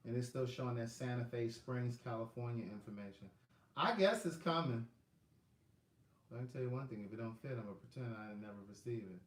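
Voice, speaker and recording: A man's voice: mid-range voice, expressive, a little fast. Chatty man on an echoey phone stream. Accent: Southern US. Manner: chatty, rambling, talks to viewers by name while checking his phone. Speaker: livestream host selling books. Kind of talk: casual live chat with viewers. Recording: echoey room.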